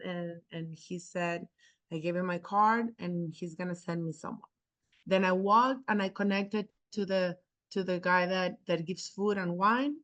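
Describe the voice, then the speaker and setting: A real estate agent, a woman who is not a native English speaker, telling a story to a class in an animated way, acting out dialogue and often restarting her sentences. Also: mid-range voice, measured pace.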